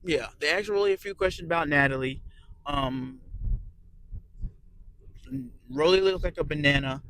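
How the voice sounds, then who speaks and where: This is a man with a slightly raised pitch, talking off the cuff in a profane, meandering review. He speaks bluntly, circles back on himself and leans on fillers. A faint noise sits under the recording. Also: a bit bright, low-quality recording. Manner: rambling, blunt, heavy cursing, frequent fillers. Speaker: reality show reviewer. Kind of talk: casual profane audio review.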